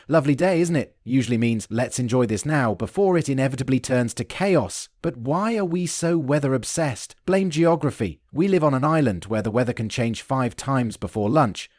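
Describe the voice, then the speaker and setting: A man's voice: medium pitch, darkish tone, no echo. A man from the UK with a British accent, reading a scripted explainer with dry, wry wit. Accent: British English. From United Kingdom. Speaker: narrator.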